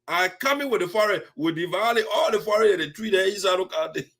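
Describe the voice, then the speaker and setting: High-voiced Liberian man mocking politicians. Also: quick pace, fairly bright tone. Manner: mocking, playful, repeats phrases with laughter. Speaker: host. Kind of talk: political commentary show.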